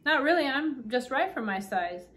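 A woman's voice: high voice, lively intonation, moderate pace, a bit bright, voice pushed up. A woman reading aloud and voicing a polite, curious young girl in a slightly raised voice. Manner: polite and wondering.

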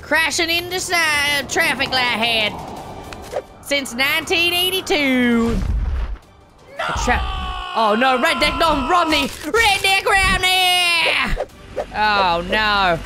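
Excitable high-voiced reaction commentator. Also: female voice, unhurried. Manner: dramatic, slangy, exclaiming. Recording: music playing behind the voice.

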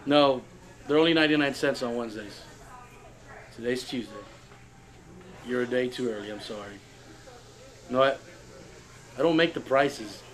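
A man acting in a scripted comedy sketch, talking calmly and then erupting into shouted tantrums at people who are not heard. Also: medium pitch, moderate pace, pauses often. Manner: talks to unseen people on phone and field.

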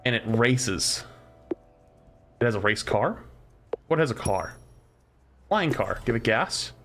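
A man's voice: medium pitch, animated, takes it slowly, a bit bright, soft background music. A man streaming a crafting game, musing aloud as he tries one combination after another. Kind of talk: casual live-stream commentary.

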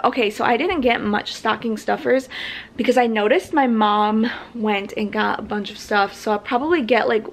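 At home indoors, a young woman with a slightly high, creaky voice chats casually to her camera for a vlog. She rambles, interrupts herself, and often trails off mid-sentence.

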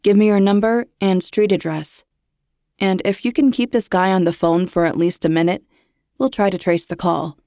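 A woman voicing a calm, firm male police dispatcher in a narrated horror story, speaking in an official, reassuring way. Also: medium pitch, normal speed, no echo, studio quality, lightly acted.

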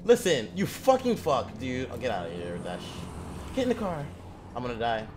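A young man streaming a shooter game, swearing a lot and jumping from low mutters to loud shouts. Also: moderate pace, background noise. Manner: profane, excitable, swings from mutters to shouts. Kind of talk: gaming livestream commentary.

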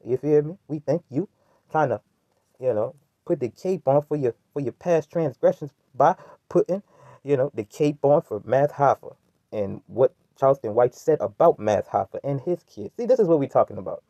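A man's voice: mid-range voice, animated, normal speed, dark tone, dry recording, dull audio. A man giving a heated, rambling commentary rant, full of slang and restarts. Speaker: commentary vlogger. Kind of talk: ranting commentary.

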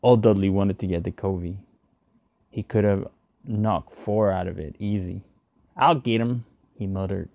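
A man narrating a short story in a measured, subdued way. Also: low voice, steady tone, vocal fry, warm tone, dry recording. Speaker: reader.

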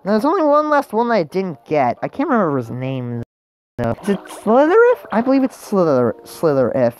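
A woman's voice: mid-range voice, huge pitch swings, a little fast, darkish tone. A woman giving casual let's-play commentary, chatty and rambling, who mocks herself and talks to the game characters. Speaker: gaming channel host. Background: game music.

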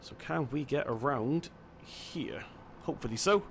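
A man's voice: mid-range voice, lively intonation, a little slow, gravelly, fairly bright tone, slight background noise. A man giving casual let's-play commentary, chatty and self-deprecating, thinking aloud as he plays. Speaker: gaming channel host.

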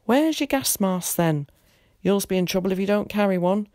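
A woman voicing a bossy, excitable old man who scolds in a hurried way. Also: medium pitch, no echo, studio quality, lightly acted.

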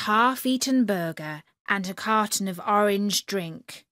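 A woman narrating a children's story for English learners in a clear, expressive way. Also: medium pitch, slow, hardly any pauses, no room sound, clean studio sound.

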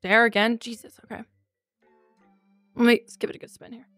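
A young adult woman co-hosting a podcast in casual chat, animated and quick, laughing often. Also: fairly high pitch, dry recording, soft background music. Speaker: podcast co-host. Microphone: studio podcast mic.

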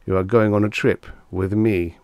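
A man voicing a calm, sinister little male Death figure who speaks quietly and coldly. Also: lowish voice, moderate pace, creaky, no room sound.

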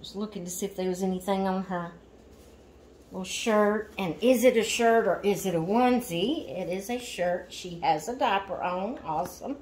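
A woman's voice: mid-range voice, normal speed, a little mellow, a little hiss or hum. A woman chatting in an unboxing video, often cooing baby talk at her dolls. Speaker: doll collector vlogger.

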